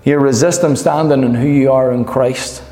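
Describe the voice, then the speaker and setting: Man, pastor, animated sermon, long echoey hall reverb. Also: medium pitch, normal speed. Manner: emphatic, animated preaching with repeated calls of amen.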